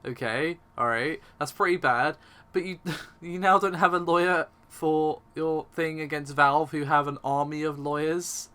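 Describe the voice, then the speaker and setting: A man's voice: on the high side, steady tone, measured pace, sharp tone, clear, resonant tone. A man hosting a casual tech podcast, wry and often laughing as he tells a story. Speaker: podcast host.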